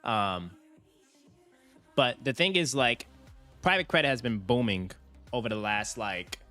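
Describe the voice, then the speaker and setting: A young man hosts a finance livestream, animated and chatty, talking to his chat and laughing often. His medium-pitched voice is a little slow, with faint music in the background.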